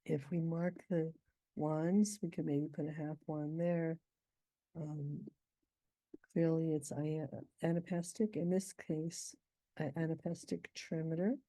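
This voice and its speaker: A middle-aged woman poet, reading her poem slowly and then explaining its meter in a thoughtful, measured way. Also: low voice, steady tone, mellow, no room sound.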